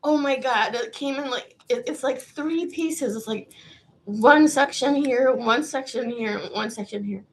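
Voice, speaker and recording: A woman's voice: sits high, a little slow. A woman in her thirties hosting a casual livestream, rambling and chatty, swearing freely and trailing off mid-sentence. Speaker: livestream host.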